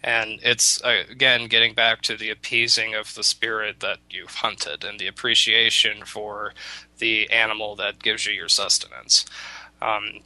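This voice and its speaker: A man retells a folk tale on talk radio, loose and rambling. His voice is low and very bright. The sound is dry and close. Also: flat delivery, a little slow, no echo, rough recording. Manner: rambling with many restarts. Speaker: radio show talker. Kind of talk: casual storytelling on talk radio.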